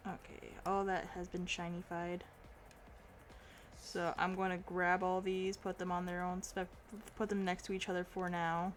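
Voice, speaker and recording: A young woman chats casually on stream as she works on her art, her voice sitting on the low side. She rambles and trails off mid-thought while drawing. Faint music plays underneath. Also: completely flat delivery, moderate pace.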